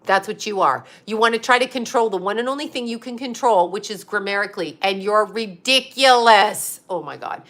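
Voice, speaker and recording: A woman's voice: mid-range voice, brisk, few pauses, a bit bright. A woman in her fifties who hosts as a psychic and astrologer, chatting casually on a livestream, reading viewer comments, blunt and profane, laughing often. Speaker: psychic medium and astrologer host.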